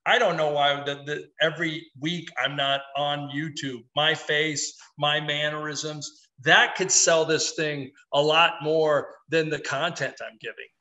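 A middle-aged man hosting a casual sports talk podcast, animated and rambling, poking fun at himself. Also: fairly high pitch, a little slow, hardly any pauses. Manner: animated, rambling, self-mocking. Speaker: podcast host.

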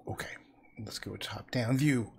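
A man's voice: medium pitch, measured pace, gravelly, noisy background. A man chatting casually on a livestream while he paints, often muttering and half-whispering asides to himself, from his home studio.

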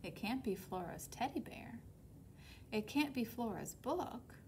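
A woman voicing a gentle, puzzled father bunny in a storybook read-aloud, soft and coaxing. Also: a little high, animated, unhurried, slight background noise.

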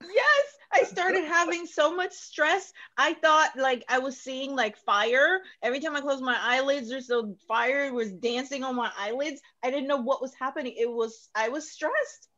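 A woman hosting a talk show, emotional and halting as she searches for her words. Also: high voice, pushed and bright, lo-fi sound. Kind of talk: casual radio talk.

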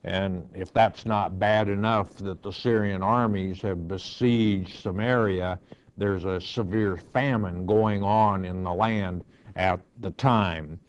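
An older man, a pastor, teaching verse by verse from the Bible, reading scripture aloud and then explaining it in an unhurried way with frequent fillers. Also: deep voice, fairly even intonation, smooth. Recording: dull lo-fi recording.

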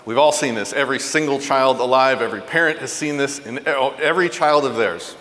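A man giving a parenting talk, telling stories earnestly and going soft and low for tender points. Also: fairly quick, big-room sound, slight background noise. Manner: earnest, animated storyteller, drops soft and low for tender moments. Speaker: parenting speaker. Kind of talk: motivational talk.

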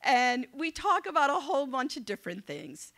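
A woman giving a motivational speech to young people, telling a story in an animated, conversational way and acting out the dialogue. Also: high-pitched, normal speed. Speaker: keynote speaker. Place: event venue.

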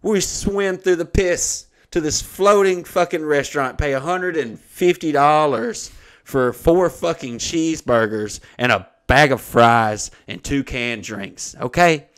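A man hosting a podcast, telling a profane, animated story in casual comedic style. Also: fairly high pitch, unhurried, clear, resonant tone. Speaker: podcast host.

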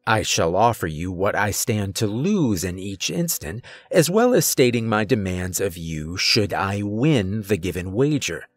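A man voicing a soft-spoken, sinister older stranger who speaks in a polite, formal way with a quiet mocking edge, in a horror storybook reading. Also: on the low side, sing-song, measured pace, few pauses, no echo, faint music behind.

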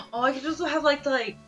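A young woman streamer rambling in casual chat, excitable, with lots of fillers and laughs. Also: high-pitched, a little fast, muffled recording, soft background music. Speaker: gaming streamer.

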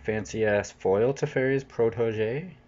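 A man chatting casually while opening trading card packs, jokey, with sudden excited outbursts. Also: medium pitch, measured pace, highs cut off. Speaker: channel host unboxing cards. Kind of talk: casual unboxing commentary. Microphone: off-camera voice-over mic.

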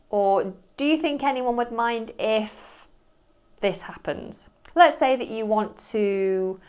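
A middle-aged woman patiently explaining everyday English phrases and acting out short example dialogues. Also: mid-range voice. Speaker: English teacher.

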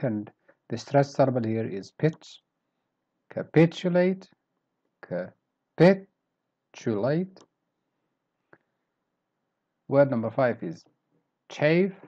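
A man teaching vocabulary in a recorded lesson. He talks deliberately and repeats each word with exaggerated stress. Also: mid-range voice, mellow, dull audio.

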